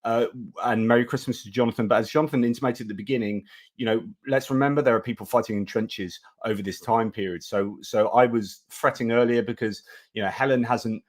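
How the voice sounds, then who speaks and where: A man's voice: mid-range voice, fairly even intonation, a little fast. A British man hosting a casual live chat, talking in a rambling, chatty way and thanking his viewers. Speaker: host of a live chat stream.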